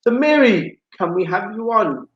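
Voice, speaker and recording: A man's voice: high voice, lively intonation, unhurried, reverberant, lo-fi sound, a little hiss or hum. A man hosting a live chat show, chatty and teasing, who says "excellent" a lot. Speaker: host. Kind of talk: live radio-style chat.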